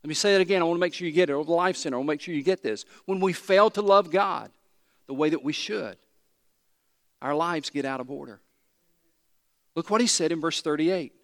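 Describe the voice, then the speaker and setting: A man preaches in a fairly high voice, slowing to drive home repeated phrases. His words ring out with the long reverb of a large church hall. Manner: emphatic preaching, slows and repeats key phrases. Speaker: pastor. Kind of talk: sermon.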